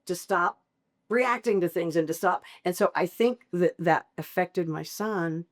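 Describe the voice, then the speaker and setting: Middle-aged woman talking about caregiving, kinda low voice, animated, jumps way up in pitch when she acts out what people say. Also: a little slow. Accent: Southern American. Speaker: guest, family caregiver. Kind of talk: candid conversational interview.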